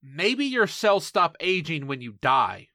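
A man in his thirties chatting loosely on a podcast, excitable and profane. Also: a little slow, dry recording, studio quality. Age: 30s. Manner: excitable, swears, jumps in pitch. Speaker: podcast host. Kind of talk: casual chat.

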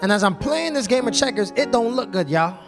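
A male preacher tells a story from the pulpit in a very high voice. He keeps checking in with the congregation and asking for an amen. Soft music plays behind him in the church. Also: expressive, fairly quick. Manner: call-and-response, repeatedly asks the congregation "y'all". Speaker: pastor. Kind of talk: storytelling sermon.

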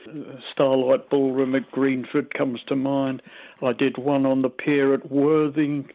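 A man in his eighties with a mild Australian accent, a retired radio presenter reminiscing in an interview, rambling and halting with many fillers. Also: mid-range voice, flat delivery, phone-quality sound. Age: 80s.

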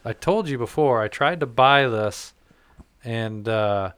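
A man's voice: mid-range voice, slow, fairly bright tone, clean tone, dry recording. A man hosting a podcast in casual chat, laid-back and swearing freely. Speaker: podcast host.

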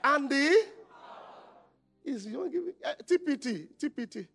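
A man's voice: very high voice, very animated, unhurried, soft background music. A Nigerian male pastor preaching a conference sermon, calling out questions for the congregation to answer. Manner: call-and-response, shouting questions.

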